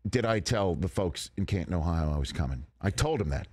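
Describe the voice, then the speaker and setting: A middle-aged man hosting a sports talk show, telling a story in a casual, animated way with quick restarts. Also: sits low. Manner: animated, excited retelling with restarts. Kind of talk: casual studio chat, storytelling. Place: studio.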